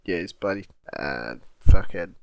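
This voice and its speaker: Lowish guy cracking jokes and cussing on a movie podcast, dry close sound. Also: lively intonation, a little slow, gravelly, no echo. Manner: blunt, joking, swears freely. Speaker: podcast co-host. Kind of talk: casual movie review chat.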